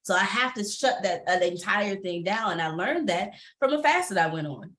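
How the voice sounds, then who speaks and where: A woman's voice: medium pitch, lively intonation, a little fast, hardly any pauses, a bit bright. A woman who coaches entrepreneurs, speaking candidly and emphatically on a panel over a video call, laughing often.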